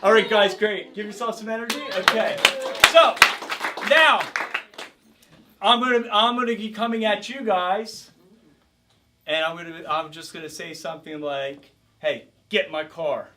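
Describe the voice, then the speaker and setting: Energetic karate instructor coaching a class. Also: male voice, high voice, normal speed, long pauses, slight background noise. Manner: energetic, coaching a group, shouts drills. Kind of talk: self-defense workshop teaching. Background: group of participants.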